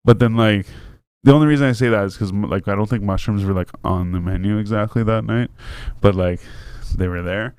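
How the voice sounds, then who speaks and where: A man hosting a podcast, telling a wild story in a casual, animated way with lots of swearing and laughter. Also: on the low side, fairly quick, hardly any pauses, smooth, dry recording. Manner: animated, laughing, swears a lot, acts out voices. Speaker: podcast host.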